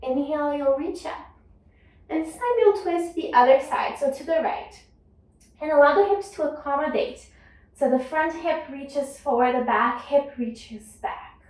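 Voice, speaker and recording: A woman guides a yoga class in a slow, measured voice, pitched a little high. She sits back from the microphone in a strongly echoing room. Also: recorded from a distance. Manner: calm, unhurried cueing of breath and movement. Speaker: yoga teacher. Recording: echoey room, voice off-mic.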